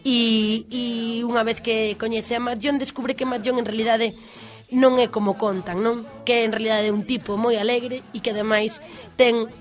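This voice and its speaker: A woman host giving casual spoken commentary, halting and restarting often. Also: on the high side, steady tone, faint music behind. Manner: halting, with many fillers and restarts. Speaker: radio host.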